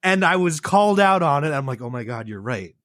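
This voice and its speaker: A man with a Midwestern American accent, co-hosting a comedy podcast in casual, animated banter. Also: a little high, a little fast, no echo, studio quality. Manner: animated, acts out phrases. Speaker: podcast co-host.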